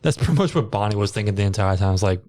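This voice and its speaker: A man co-hosting a podcast, recapping a movie in casual chat with deadpan jokes and swearing. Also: on the low side, rapid-fire. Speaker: podcast co-host.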